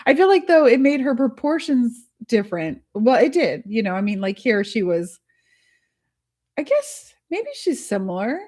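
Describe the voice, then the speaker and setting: Woman, fairly high voice, giggly, chatty, live tutorial host, thinking aloud. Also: very animated, moderate pace, warm tone. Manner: giggly, chatty, laughs often; thinks aloud while working on screen. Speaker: host of a live art studio stream. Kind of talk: casual live tutorial chat with viewers.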